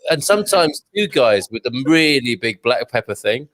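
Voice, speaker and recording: A man in his forties leads a casual online wine chat. He jokes freely and drifts into long, rambling asides at a middling pitch. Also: very animated, moderate pace, a bit bright. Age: 40s. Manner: chatty, joking, rambling asides. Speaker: wine club host.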